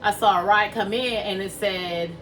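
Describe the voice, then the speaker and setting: A woman's voice: mid-range voice, steady tone, moderate pace, fairly bright tone, distant mic, a little hiss or hum, poor audio. A woman casually tells a personal story to her viewers, talking them through it and acting out what people said. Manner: chatty, addresses viewers as y'all, acts out quoted dialogue. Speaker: vlogger telling a personal story.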